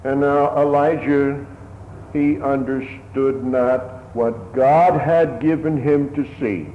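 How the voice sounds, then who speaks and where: A man preaching a sermon slowly and solemnly, building to raised emphasis at times. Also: mid-range voice, steady tone, a little hiss or hum. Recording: tinny phone-like sermon recording in an echoey hall.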